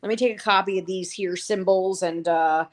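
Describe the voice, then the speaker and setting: A woman's voice: mid-range voice, fairly even intonation, normal speed. A woman co-hosting a show, casually recapping TV episodes in a rambling way, full of fillers and quoted lines. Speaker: podcast co-host reviewing a TV series.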